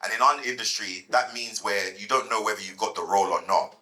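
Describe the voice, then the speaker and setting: A man in his thirties, appearing as a fireside chat guest, entertains a live audience with animated stories and a habit of repeating words. He speaks briskly in a lowish voice, and the recording quality is low.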